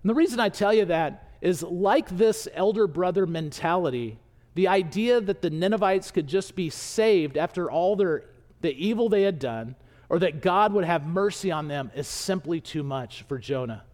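A male pastor preaching a sermon with animated storytelling. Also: high voice, normal speed, big-room sound. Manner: animated storytelling, acts out voices.

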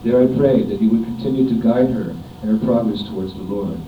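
A middle-aged man reads a devotional homage letter aloud in a measured, solemn way. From United States. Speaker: disciple reading a homage letter. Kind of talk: reading a written devotional offering aloud. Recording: dull, echoey, distant room recording with faint rumble.

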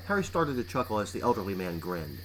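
A man's voice: fairly low pitch, very animated, fast, a bit bright. Male narrator on a noisy recording. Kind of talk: scripted story narration.

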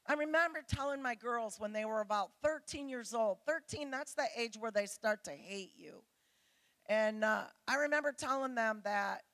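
Her voice sits on the high side and is a bit bright: a middle-aged pastor's wife preaching a chatty, candid sermon to her congregation, telling family stories with laughs and mimicked voices.

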